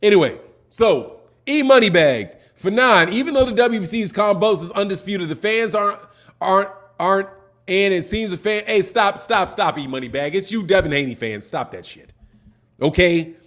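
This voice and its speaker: High-voiced man ranting casually. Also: expressive, moderate pace, a bit bright. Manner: exasperated, ranting, peppers sentences with "man". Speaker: boxing channel host. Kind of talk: casual livestream commentary answering chat.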